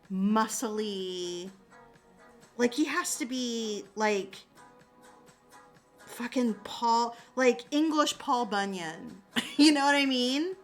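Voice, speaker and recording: A woman in a casual live-stream chat, talking straight to her viewers in an animated way and swearing freely. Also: a little high.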